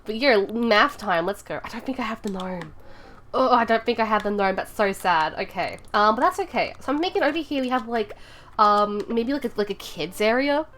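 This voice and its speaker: A woman's voice: fairly high pitch, lively intonation, moderate pace, a bit bright, a little hiss or hum. A woman streaming from her room, chatting casually with viewers and thinking aloud as she builds in a game, rambling and giggly. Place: home room.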